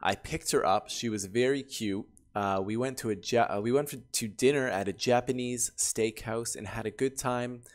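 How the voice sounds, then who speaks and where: A man reading stories aloud and breaking off to react with loud, laughing, animated commentary. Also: medium pitch, normal speed, hardly any pauses. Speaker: YouTuber reading Reddit stories.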